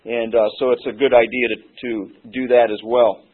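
A hoarse man preaching a sermon as pastor, earnest and halting, with many "uh" pauses. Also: medium pitch, little pitch movement. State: hoarse, losing his voice. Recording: tinny phone-like sermon recording.

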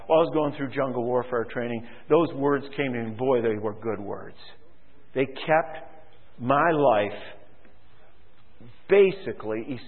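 A male preacher giving a sermon in a large auditorium, talking conversationally and asking the congregation questions. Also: on the high side. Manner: conversational, asks the audience questions. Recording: tinny, echoing hall recording.

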